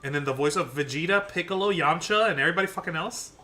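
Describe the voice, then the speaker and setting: A tired young man streaming a game, chatting with viewers in an excitable, rambling way and swearing now and then. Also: on the high side, fast, soft background music. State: tired, short on sleep. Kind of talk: casual live-stream chat while gaming.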